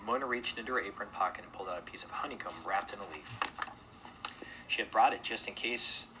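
A man narrating a children's storybook aloud, gentle with occasional slips. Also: fairly low pitch, quick pace, noisy background.

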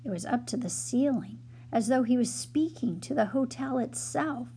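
A woman reading a children's chapter book aloud in a gentle, unhurried storytelling manner. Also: fairly high pitch, expressive, slight background noise. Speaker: storybook reader.

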